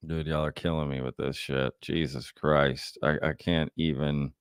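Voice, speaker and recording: Guy doing a livestream q&a, gravelly low voice, dry close sound, keeps cracking up at the comments. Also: little pitch movement, a little slow, no room sound. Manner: laughs often, reads chat comments aloud. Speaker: livestream host. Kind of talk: live Q&A reading chat comments.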